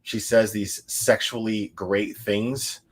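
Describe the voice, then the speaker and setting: A man's voice: fairly low pitch, flat delivery, slow pace, breathy edge. A man hosting a livestream, chatting casually and a little tipsy, rambling with lots of restarts, laughs and swearing. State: tipsy from drinking. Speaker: livestream host.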